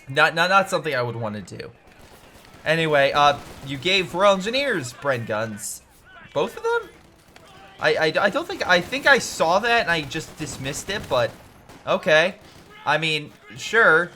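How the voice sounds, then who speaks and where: A man commentating a strategy game replay in a loose, casual way. His voice sits a bit high and bright, and his pitch swings widely as he reacts. He often trips over his words and corrects himself, and he flares into exasperated, profane rants. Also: slight background noise. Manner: frequent self-corrections and filler.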